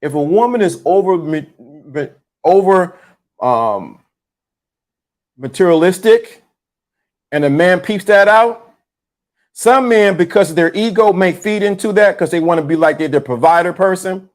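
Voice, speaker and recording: Brief: male stream host, high voice, blunt and slangy, casual late-night talk. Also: unhurried, pauses often. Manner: blunt, frank, slangy, with restarts.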